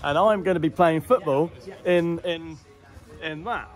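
A man's voice: fairly high pitch, a little slow. A young man vlogging a charity football match, jokey and chatty and calling his viewers "boys". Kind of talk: casual vlog to camera. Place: outdoors at a football stadium.

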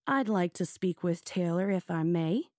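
Woman reading as a polite businessman on the phone, slightly lower, dry. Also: animated, unhurried, darkish tone, no echo. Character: polite male music executive on phone.

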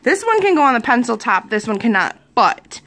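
Woman from wisconsin, bright high voice, gushing, giggly, casual vlog. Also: sing-song, brisk. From Wisconsin, United States. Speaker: vlogger showing mail. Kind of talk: casual show-and-tell vlog.

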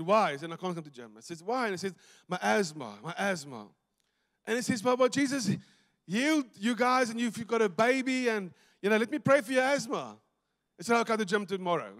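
A man from South Africa preaching a sermon and telling stories, swinging between loud bursts and hushed, quiet passages. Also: high-pitched. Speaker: pastor. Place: church sanctuary. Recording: church hall reverb.

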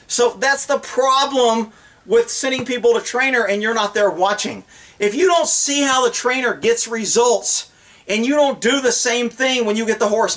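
A man's voice: very high voice, fairly bright tone. A man talking casually and plainly, giving horse training advice.

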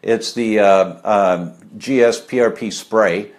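A man's voice: lowish voice, slow. A middle-aged man talking casually and live about health, rambling with many fillers and asides while answering viewer questions.

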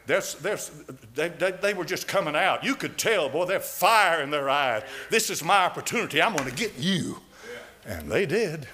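Animated preaching man, lively pitch. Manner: animated preaching, swings from loud to hushed. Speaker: pastor. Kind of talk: sermon. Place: church sanctuary.

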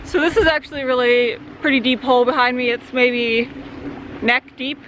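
A woman's voice: sits high, fairly even intonation, normal speed, a bit bright, slight background noise. A young woman from Central Arizona, talking casually in a rambling vlog by a creek swimming hole, with many fillers. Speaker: vlogger. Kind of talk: casual outdoor vlog talk.

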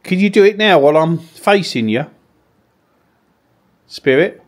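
A man's voice: a little high, expressive, unhurried. A man hosting a ghost-hunt vlog, coaxing and questioning spirits in the cellar rooms of an old mill. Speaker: paranormal investigator host.

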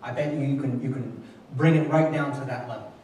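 A man's voice: medium pitch, steady tone, a little fast, darkish tone, slight background noise. Male pastor, plain talking sermon style with restarts; recorded from afar in a very reverberant church room. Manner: conversational and repetitive, with frequent restarts. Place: church hall at a midweek Bible study. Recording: echoey church room, mic far off.

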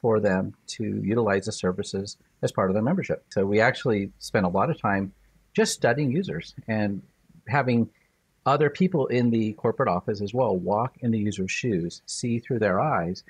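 A man working as a user experience consultant, explaining his job in an even way on a podcast. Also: on the low side, moderate pace, breathy edge, no room sound. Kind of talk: casual podcast interview.

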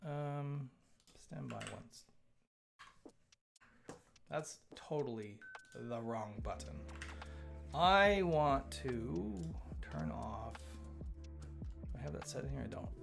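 A man's voice: medium pitch, expressive, takes it slowly, gravelly, long pauses. A man hosting a casual live coding stream, thinking aloud as he works and chatting with viewers as they arrive. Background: chill lo-fi music.

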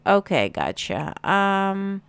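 A woman's voice: mid-range voice, big pitch swings, slow pace, creaky, smooth. A woman giving casual gameplay commentary, chatting to her game characters with plenty of fillers. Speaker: gameplay streamer.

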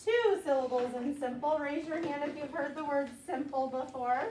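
Over a noisy background, an elementary school teacher with a high voice drills a classroom of children on vocabulary at a moderate pace. She works patiently through call-and-response, repeating each word often, and sounds far away in an echoey room.

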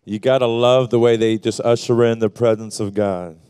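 Man hosting a church service, low voice. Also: moderate pace, clear, resonant tone. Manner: animated, builds to loud exclamations. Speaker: church host. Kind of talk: church announcements.

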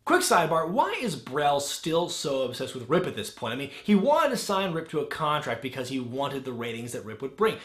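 A man giving a sarcastic, comedic movie review with sudden shouted outbursts. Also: on the high side, big pitch swings, brisk, few pauses, reverberant. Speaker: wrestling film reviewer.

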